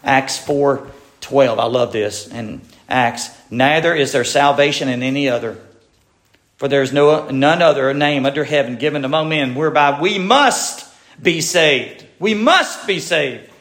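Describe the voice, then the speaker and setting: A man's voice: medium pitch, a little slow, a bit bright. Preaching man in an echoey room. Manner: preaching with rising emphatic passages. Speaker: pastor. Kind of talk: sermon.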